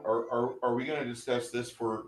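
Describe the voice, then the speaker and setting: A man's voice: mid-range voice, steady tone, brisk. A man guest in a casual livestream chat, sarcastic and rambling, swearing freely.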